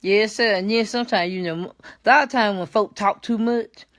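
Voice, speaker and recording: An older woman talks to her viewers in a tired, folksy vlog monologue, with a voice pitched in the middle range for a woman. She drags her words out and scatters mm-hmm and yes sir through her chatty talk. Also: normal speed. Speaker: vlog host.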